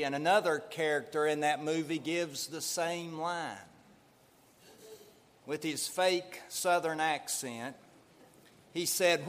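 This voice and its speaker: A man preaching a Sunday sermon in a slow, deliberate, measured way. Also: on the high side, a bit bright. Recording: long hall reverb.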